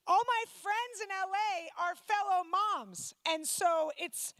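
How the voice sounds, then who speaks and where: A woman from Ukraine doing stand-up comedy, teasing audience members in quick banter on a handheld stage mic. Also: extremely high pitch, a bit bright, dry recording. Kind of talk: stand-up comedy with crowd work. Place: comedy night venue before a live audience.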